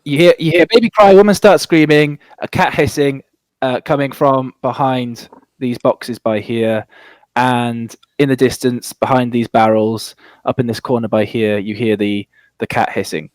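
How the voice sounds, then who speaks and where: A man narrating as dungeon master in a casual, halting way, full of fillers and repeats. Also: mid-range voice, steady tone, no room sound. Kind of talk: narrating a tabletop game.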